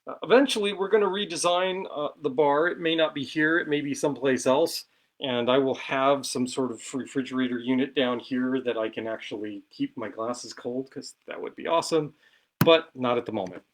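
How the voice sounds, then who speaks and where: A man's voice: medium pitch, moderate pace. A man hosting a casual cocktail show from his home bar, chatty and self-deprecating as he talks through each step while mixing.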